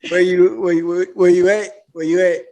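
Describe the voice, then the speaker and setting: A podcast host with a fairly high voice chats and swaps stories in a loose, profane way. He often stops and restarts his sentences as he talks. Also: flat delivery, normal speed, a little mellow. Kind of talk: casual podcast chat.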